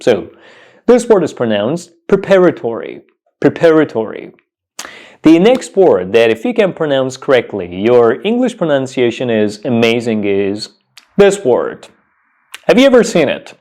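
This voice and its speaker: Man, English pronunciation teacher, animated delivery that repeats each word carefully. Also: mid-range voice. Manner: repeats example words slowly and clearly. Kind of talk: pronunciation lesson.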